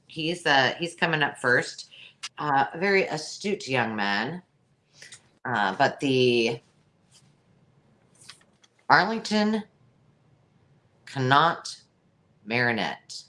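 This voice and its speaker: Very low-voiced, chatty woman hosting a sale. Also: fairly bright tone. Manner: chatty, jokey, laughs at her own remarks. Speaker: live sale host. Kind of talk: live-stream sales chat.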